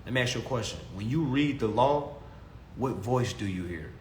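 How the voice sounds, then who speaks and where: With lively intonation and a mid-range voice at normal speed, a young man preaches consumer law to his followers, and a little hiss or hum runs under the recording. He keeps it casual, repeats himself, and calls listeners family in an echoey room with faint ambience.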